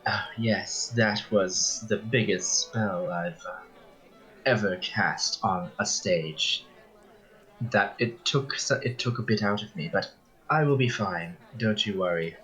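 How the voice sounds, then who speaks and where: A man's voice: on the low side, slow, fairly bright tone, soft background music, poor audio. A man voicing a refined female stage magician who talks in a courtly, formal way and sounds worn out but gracious. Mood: reassuring.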